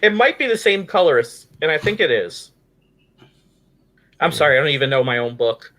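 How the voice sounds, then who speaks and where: A man's voice: on the high side, big pitch swings, moderate pace, fairly bright tone. A man from New Jersey, a comic book creator guest on a casual livestream, modest and self-deprecating. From New Jersey, USA.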